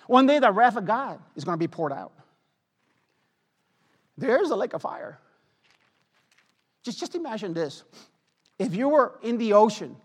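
A male preacher giving an impassioned sermon, repeating his phrases and swinging from hushed tones to loud pleading. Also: high voice, big-room sound.

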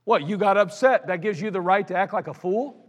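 In a high-pitched voice and at a brisk pace, a man preaches as a pastor, scolding bluntly and adding mocking asides. The church sanctuary gives the recording a long hall reverb.

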